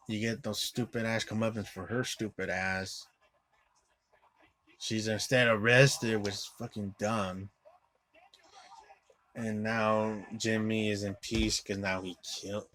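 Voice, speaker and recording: Low-voiced man ranting about a movie. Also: steady tone, takes it slowly, a bit bright, slight background noise. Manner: profane, rambling, peppered with "like", flares into angry outbursts. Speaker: movie reviewer. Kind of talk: ranting film recap.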